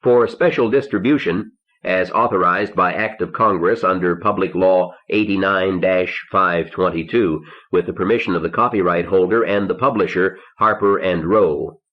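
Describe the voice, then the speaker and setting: Deep-voiced man narrating an audiobook. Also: moderate pace. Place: recording studio. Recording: dull lo-fi 1970s cassette recording.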